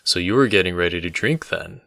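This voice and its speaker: A man voicing a calm red-haired male innkeeper who speaks in a measured, serious way. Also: low voice, vocal fry, no room sound, clean studio sound, heavily acted.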